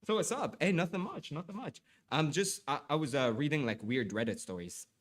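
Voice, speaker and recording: A man's voice: fairly high pitch, lively intonation, fairly quick. Stammering young man chatting on a live stream. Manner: apologetic, distracted, repeats himself, stammers. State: stuffy with allergies. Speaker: livestreamer. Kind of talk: casual live stream chat and reading aloud.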